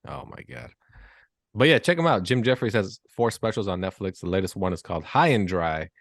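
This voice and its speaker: Low-voiced guy hosting a nerdy podcast, loose and jokey, dry close mic. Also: sing-song, brisk, dry recording. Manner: loose, joking, laughs easily. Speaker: podcast host. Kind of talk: casual chat.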